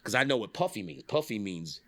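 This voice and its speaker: A man's voice: fairly quick, gravelly. A middle-aged man telling a casual industry story, swearing, laughing often and acting out the people he quotes. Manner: animated, swearing, acts out quotes with big pitch jumps, laughs often. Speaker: podcast host telling industry stories.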